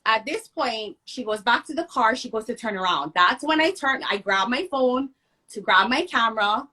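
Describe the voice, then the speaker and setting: A woman from Hawaii, a guest telling a personal story in an animated, emphatic conversational way. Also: on the high side, normal speed. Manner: emphatic, acts out others' lines in the story.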